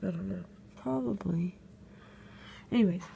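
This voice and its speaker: A woman's voice: medium pitch, a little slow, gravelly, heavy background noise. A young woman, chatting casually at home into a phone camera while she thinks aloud. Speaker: vlogger reviewing a candle. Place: home room.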